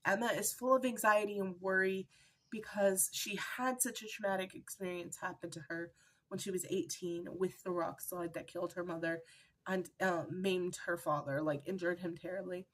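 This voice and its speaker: Casting: chatty female book vlogger, emotional, mid-pitched, at home. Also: fairly bright tone. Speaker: book reviewer. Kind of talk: casual book review vlog.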